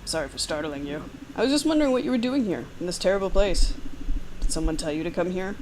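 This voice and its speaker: A woman's voice: on the low side, animated, fast, noisy background, close to an everyday voice. A woman reading a sly, wheedling office schemer. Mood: manipulative. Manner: smooth, wheedling, feigned friendliness. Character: scheming male office worker, sly and manipulative. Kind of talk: reading an interactive text game aloud.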